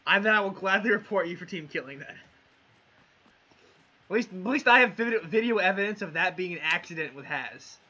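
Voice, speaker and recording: A high, bright male voice belongs to this streamer, who chats loosely through his game with friends. He gets excitable fast, yelling and swearing at his teammates. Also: highs cut off. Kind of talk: casual gameplay chat.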